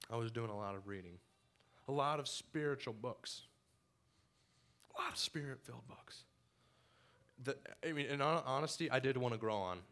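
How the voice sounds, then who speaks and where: A young man telling his personal story to a church congregation, animated and laughing often as he acts out his own past words. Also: medium pitch. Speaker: church member giving testimony.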